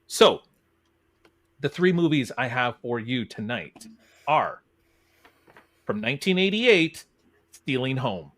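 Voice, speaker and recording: A man's voice: medium pitch, sing-song, slow, pauses often, a bit bright. A man hosting a podcast who chats casually and explains the rules of a game. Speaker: podcast host.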